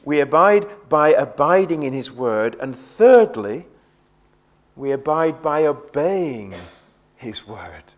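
A man's voice: a little high, lively intonation, slow pace. A man preaching a sermon in an earnest way, often repeating words as he presses a point.

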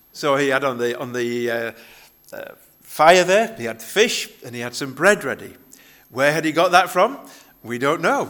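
A man's voice: a little high, pushed and bright. A male pastor giving a conversational sermon, often restarting his phrases as he explains a Bible passage.

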